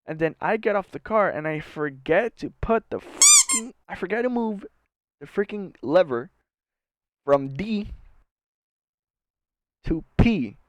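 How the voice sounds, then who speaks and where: A man's voice: high-pitched, huge pitch swings, a little slow, long pauses. A young man, a university student, telling a rambling casual story full of slang and fillers. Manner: rambling, slangy, says bro and like a lot. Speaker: university student and gaming channel host.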